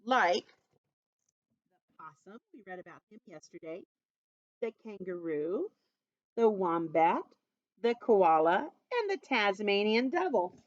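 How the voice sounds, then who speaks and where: A woman teacher reading a storybook to young children, gentle and animated, stopping to ask them questions. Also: medium pitch, slow, pauses often, dry recording, lo-fi sound.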